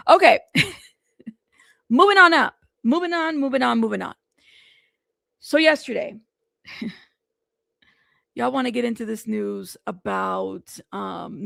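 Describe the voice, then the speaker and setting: A chatty woman hosts a casual news livestream, talking to her chat with plenty of fillers. Her voice is fairly high with a gravelly edge, and it sounds close and dry. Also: fairly bright tone, dry recording. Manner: chatty, talks to live chat, many fillers. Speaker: news show host.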